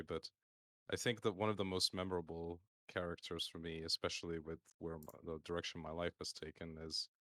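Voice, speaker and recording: A man's voice: low voice, pushed and bright, no echo, studio quality. A man chatting casually on a stream roundtable, talking in a rambling, hesitant way full of fillers and restarts, over a call mic. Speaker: community roundtable guest. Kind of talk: casual panel chat on a stream.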